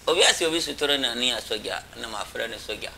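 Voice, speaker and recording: Man, comedian guest, gravelly, very bright and forceful, yelps, chants. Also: mid-range voice, rapid-fire, a little hiss or hum. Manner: animated, chants and yelps, mixes languages. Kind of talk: live show banter.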